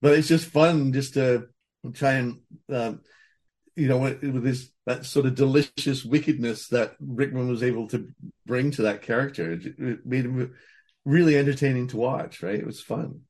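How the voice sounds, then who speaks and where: A man's voice: medium pitch, normal speed, a little mellow. This is a man guesting on an interview, speaking casually about his craft. He rambles, circles back with restarts, and breaks into laughter often. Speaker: voice actor guest.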